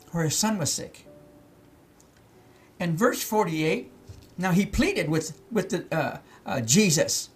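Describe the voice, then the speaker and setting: A middle-aged male pastor teaching scripture verse by verse, repeating key words and asking his listeners questions. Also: high voice. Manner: reads verses then explains them, with many repeats and questions to the listeners. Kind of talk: slow Bible-teaching sermon.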